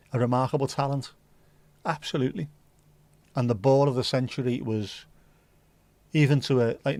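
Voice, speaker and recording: A man's voice: medium pitch, darkish tone, no room sound. Chatty, sweary man hosting. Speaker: livestream host. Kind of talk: casual chat answering viewers' comments. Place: home livestream setup.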